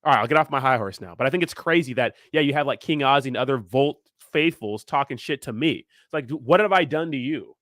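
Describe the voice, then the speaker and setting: A man's voice: mid-range voice, lively intonation, quick pace, hardly any pauses, a bit bright, no echo, clean studio sound. A young man hosting a crypto livestream, ranting in a fired-up way and answering viewers, often asking "you know what I mean". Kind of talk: live stream chat, reacting to viewers.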